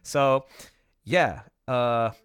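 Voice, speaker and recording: A man hosting a casual livestream as its video editor, animated and laughing often, with quick restarts. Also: medium pitch, smooth.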